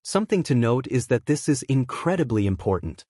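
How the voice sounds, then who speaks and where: A man's voice: medium pitch, big pitch swings, brisk, darkish tone, no echo, clean studio sound. A man voicing a stern, formal male teacher. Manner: formal, announcing.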